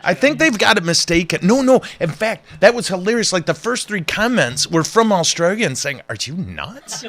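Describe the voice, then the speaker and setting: A man, a priest hosting a casual show, who jokes and rambles in an animated way. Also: high voice, moderate pace, few pauses. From United States. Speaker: priest and podcast host. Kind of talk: casual chat.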